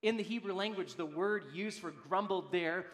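A man in his thirties, a pastor preaching a sermon, emphatic, swinging between loud declarations and quiet, low asides. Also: normal speed.

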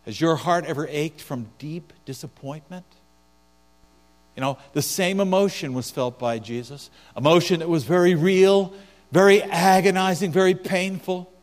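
A man's voice: a little high, moderate pace. Preacher man in an echoing hall. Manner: preaching with swings from soft to loud. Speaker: pastor. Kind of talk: sermon. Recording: long hall reverb with mains hum.

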